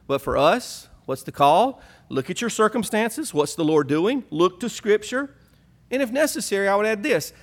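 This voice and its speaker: A man preaching a sermon as pastor, emphatic, asking questions and repeating his key points. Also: on the high side.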